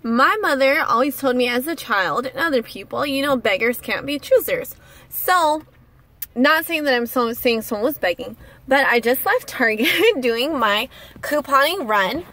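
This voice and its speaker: A woman's voice: high-pitched, expressive, normal speed, pushed and bright. A young woman vlogger telling a story to camera in a casual, indignant rant.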